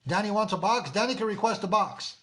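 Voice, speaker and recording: High-pitched scolding livestream host. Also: male voice, animated, brisk, a bit bright. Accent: Mexican-American. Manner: scolding, insistent, repeats himself. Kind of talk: confrontational livestream talk.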